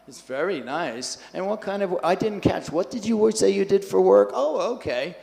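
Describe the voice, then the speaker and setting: A man putting on the voice of a gentle, polite elderly guru who makes friendly small talk. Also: high-pitched, lively intonation, normal speed, vocal fry, pitched above the performer's own voice. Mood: politely chatty. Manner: chatty, politely inquisitive. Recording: reverberant temple hall.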